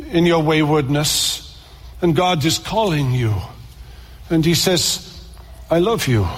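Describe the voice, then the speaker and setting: Impassioned preacher man in a reverberant hall. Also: fairly high pitch. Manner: impassioned, repeats words and restarts, rises to emphatic peaks. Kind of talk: sermon.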